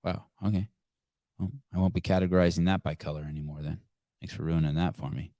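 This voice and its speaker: This is a man hosting a live call-in podcast, chatting off the cuff with a sarcastic, profane edge. His voice is low, and the sound is dry and close. He rambles and reacts as he goes. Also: fairly even intonation, fast, dark tone, dry recording. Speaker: podcast host.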